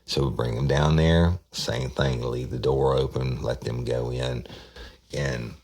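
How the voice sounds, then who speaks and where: A man's voice: a bass voice, steady tone, measured pace, a little mellow. A man, telling a true-crime story on a podcast in a rambling way, often repeating words and acting out what people said. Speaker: podcast host recounting a case.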